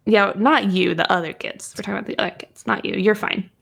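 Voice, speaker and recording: A woman co-hosting a casual podcast, playful and quick to laugh and joke. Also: mid-range voice, steady tone, creaky, fairly bright tone. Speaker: podcast co-host. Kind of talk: casual chat.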